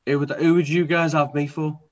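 A man's voice: fairly high pitch, little pitch movement, fairly quick, dull audio. A man, drunk and rambling while he co-hosts a podcast. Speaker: podcast co-host. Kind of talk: drunk casual banter.

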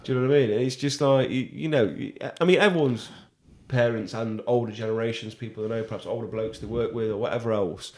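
A man's voice: mid-range voice, fast talker, few pauses, a little mellow. A young man co-hosting a casual podcast who often laughs and swears easily. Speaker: podcast co-host. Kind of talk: casual chat.

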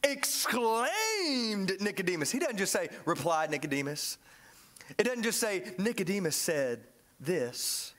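Guy preaching, high voice, jokey and animated, playing out the scene. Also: normal speed. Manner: animated, joking, acts out the characters. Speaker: pastor. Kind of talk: sermon.

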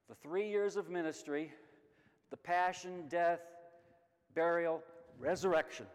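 A middle-aged man teaching a Bible lesson, emphatic and lively, asking questions and answering them himself. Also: fairly high pitch. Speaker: Sunday school teacher. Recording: long hall reverb.

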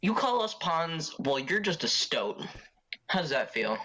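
A man's voice: a little high, big pitch swings, unhurried, crowd noise, rough recording. A man playing in a tabletop game, joking and playful in casual talk. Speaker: player. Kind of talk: casual tabletop role-play.

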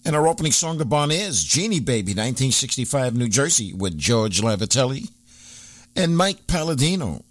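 A man's voice: medium pitch, moderate pace, no echo. New guy hosting oldies radio, chatty, ums a lot, bouncy voice, dry mic. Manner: animated, chatty, many fillers. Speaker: radio show host. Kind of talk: casual radio chat.

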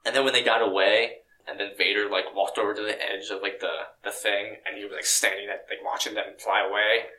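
A young man chatting casually about a film, excitable and full of fillers, laughing often. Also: on the low side, brisk, hardly any pauses, echoey room, distant mic, poor audio.

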